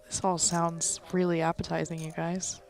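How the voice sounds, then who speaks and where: A woman's voice: lowish voice, level tone, takes it slowly, darkish tone, soft background music. A woman commentating a live poker stream in a chatty, casual way, laughing easily with her co-host.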